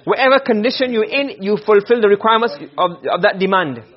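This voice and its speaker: A man's voice: high-pitched, fast talker. A man teaching a lesson on rhetoric, explaining step by step, often repeating words and mixing in Arabic terms. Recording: dull lo-fi recording.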